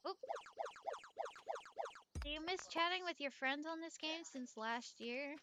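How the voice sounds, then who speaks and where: A woman streaming a game live, excitable and giggly as she chats with viewers. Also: sits high, measured pace, long pauses, noisy background. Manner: excitable and giggly, talks to chat. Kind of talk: casual live-stream gaming chat.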